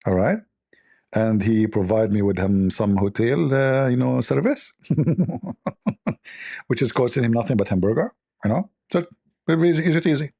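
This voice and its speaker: A man's voice: medium pitch, moderate pace, creaky, dark tone. A man hosting a livestream, talking in a sarcastic, mocking and rambling way. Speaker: livestream host. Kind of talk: casual livestream commentary.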